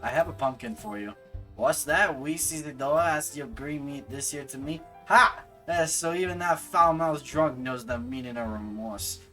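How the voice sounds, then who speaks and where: A man voicing a gruff tavern keeper in a game, speaking in a folksy dialect. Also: on the high side, normal speed, bright, forceful tone, faint music behind. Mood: hearty.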